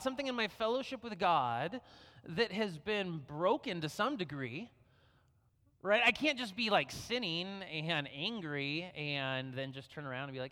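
A middle-aged pastor preaches a sermon conversationally in a high, bright, forceful voice, often checking in with "right?". A long hall reverb surrounds him.

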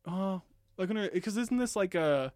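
A man in his twenties co-hosting a casual podcast, animated and swearing, laughing and humming along as he talks. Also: sits high, normal speed, no echo, clean studio sound. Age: 20s. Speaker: podcast co-host. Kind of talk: casual chat.

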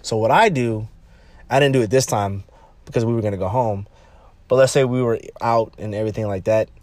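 A man talking casually and bluntly about dating, animated and repetitive, jumping higher when he quotes people. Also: brisk, no room sound. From California, United States. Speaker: relationship advice talker. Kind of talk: casual monologue.

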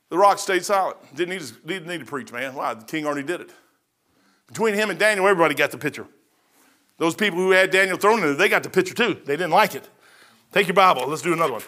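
A man preaching a folksy, storytelling sermon as pastor, dropping to a hush and rising to shouts. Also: mid-range voice. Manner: says "man" often.

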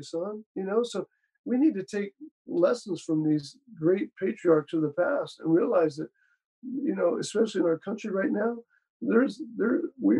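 A man's voice: high voice, warm tone, slightly rough, poor audio. A man who is a pastor, talking with fervent, preacherly conviction in casual conversation, repeating words as he speeds up.

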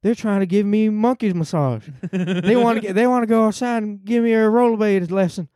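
A cranky old politician who rambles in a high, quavering voice, as a man puts him on for laughs. The sound is close and dry, with no room around it. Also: brisk, mellow, dry recording, close to an everyday voice. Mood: ranting. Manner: high wavering put-on voice, laughing through it.

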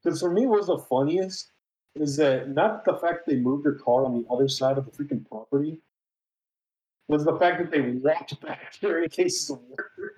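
A man's voice: a little high, moderate pace, darkish tone, roomy sound, poor audio. A man in his twenties, co-hosting a podcast, telling a story in casual chat, swearing and laughing often. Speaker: podcast co-host.

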